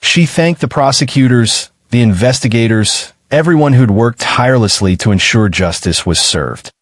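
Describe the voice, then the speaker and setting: A man narrating a true-crime documentary in a measured, scripted way. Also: mid-range voice, expressive, no room sound, clean studio sound.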